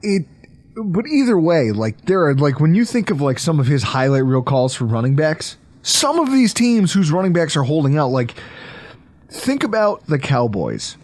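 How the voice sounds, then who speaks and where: A man hosts a casual sports podcast with a joking, quick manner. His voice sits a little high for a man and swings widely in pitch as he riffs through his points. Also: no room sound. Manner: animated, joking, quick asides. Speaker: podcast host.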